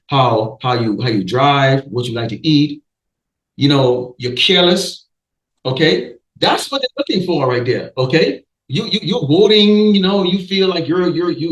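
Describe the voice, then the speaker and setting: A man's voice: on the high side, roomy sound, rough recording. A man preaching a warning sermon, emphatic, often stopping to say okay and restarting his sentences. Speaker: street preacher.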